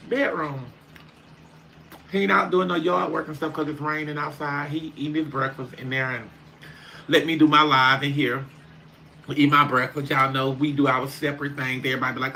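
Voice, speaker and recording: A man's voice: on the high side, gravelly, sharp tone, a little hiss or hum. A man chatting casually on his livestream, rambling and talking straight to his viewers.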